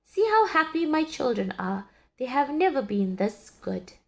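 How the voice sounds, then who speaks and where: A woman voicing an excitable storybook mother who turns shrill when upset. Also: unhurried, vocal fry, full character voice. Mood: pleased.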